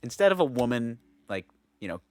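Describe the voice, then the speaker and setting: A man's voice: medium pitch, very animated, brisk, a little mellow, dry recording. A man co-hosting a podcast, rambling and joking in casual chat. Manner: jokey, rambling, slips into quoted voices. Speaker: podcast co-host.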